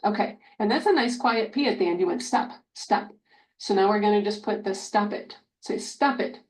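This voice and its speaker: A woman running a speech therapy drill with a child. She models short words slowly and counts repetitions. She praises every good try. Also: medium pitch, darkish tone, recorded from a distance, rough recording.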